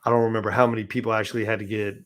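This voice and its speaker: A man's voice: on the low side, little pitch movement, rapid-fire, fairly bright tone. Man telling stories casually, with frequent restarts. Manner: conversational, frequent "right?" tags and restarts. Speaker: interview guest. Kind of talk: casual storytelling interview.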